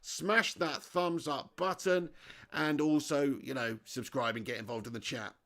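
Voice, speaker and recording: A man's voice: mid-range voice, steady tone, measured pace, pushed and bright. A man hosting a live football watch-along stream, chatting casually, reading out viewer comments and laughing often.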